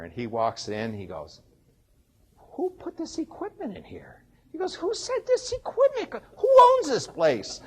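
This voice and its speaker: Animated storyteller, man in his sixties. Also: mid-range voice, slight background noise. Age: 60s. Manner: animated, acts out quoted dialogue. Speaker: company founder. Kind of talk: personal storytelling.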